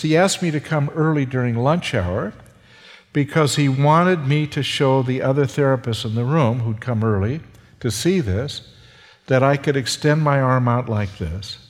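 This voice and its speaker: A man, a seminary professor, giving a sermon testimony in a slow, halting way with fillers and restarts. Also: mid-range voice. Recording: long hall reverb.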